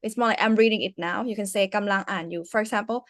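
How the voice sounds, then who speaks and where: A woman's voice: medium pitch, fairly even intonation, very fast, dry recording, clean studio sound. A woman teaching a Thai lesson over a livestream, patiently modelling words and tones for her student to repeat. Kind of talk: livestreamed one-on-one language lesson.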